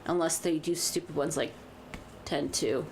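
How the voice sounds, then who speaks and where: A woman's voice: low-pitched, fairly even intonation, a little hiss or hum. A woman casually chatting and joking while playing a video game with her co-host. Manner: chatty, quick asides, laughs. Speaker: co-host of a gaming channel. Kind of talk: casual let's-play chat.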